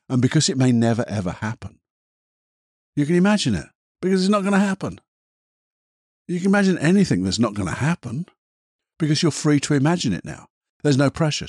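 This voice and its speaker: Gentle rambling male therapist, husky. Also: medium pitch, dry recording, clean studio sound. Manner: gentle, rambling, self-correcting. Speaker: therapist podcast host. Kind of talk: reflective podcast monologue with guided imagery.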